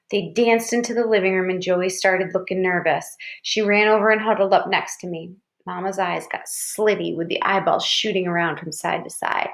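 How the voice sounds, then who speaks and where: Woman reader, mid pitch, steady storytelling delivery of a novel. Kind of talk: reading a novel aloud.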